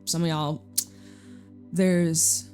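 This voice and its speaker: Woman, Canadian accent, tarot reading, casual chatty delivery, somewhat low voice. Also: little pitch movement, darkish tone, faint music behind. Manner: casual, chatty, drawn-out emphatic phrases. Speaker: tarot reader. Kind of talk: intuitive tarot reading to camera.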